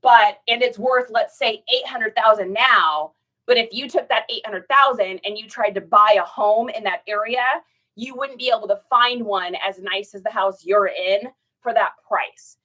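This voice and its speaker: A woman's voice: mid-range voice, moderate pace, rough recording. A middle-aged woman chatting to livestream viewers from home, telling a long story and acting out the voices of the people in it. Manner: chatty, animated, acts out quoted voices. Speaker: reseller livestream host.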